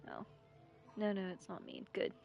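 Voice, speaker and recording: A woman's voice: mid-range voice, fairly even intonation, moderate pace, vocal fry, a little mellow, lo-fi sound. A woman streamer with a rural American accent, chatting in a rambling, giggly, irreverent way. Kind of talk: casual live-stream chat. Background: faint game music.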